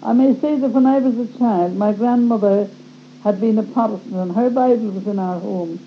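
A woman's voice: medium pitch, moderate pace. Earnest woman telling her life story. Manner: earnest, vivid retelling that acts out her own past thoughts. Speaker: speaker giving a personal religious testimony. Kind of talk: first-person storytelling testimony. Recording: dull, muffled recording with faint hum.

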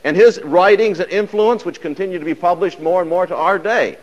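Male lecturer, fairly high voice, emphatic and measured, long hall reverb. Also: lo-fi sound. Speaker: church history lecturer.

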